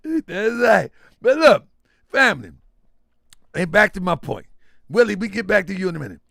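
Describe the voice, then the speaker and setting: A middle-aged man hosting a livestream and reading chat aloud, loud and teasing, laughing often. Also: high voice, sing-song, normal speed, creaky, dry recording, studio quality. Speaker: livestream host.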